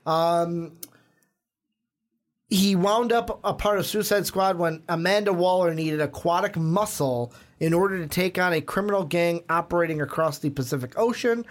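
Man, young, podcast host, chatty, slightly high voice, reads notes with ums. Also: normal speed. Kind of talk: casual chat.

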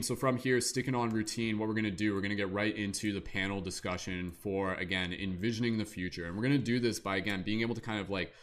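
A man with a deep, low voice leads a guided meditation on a livestream. He speaks slowly and soothingly, in a gentle guiding tone. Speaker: meditation leader and show host.

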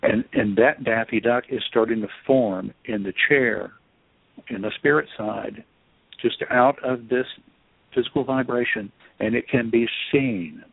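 A man, an author guest in an interview, telling a story in an animated, self-deprecating way over a phone line. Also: mid-range voice, measured pace, vocal fry, husky, dry recording. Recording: tinny dry phone line.

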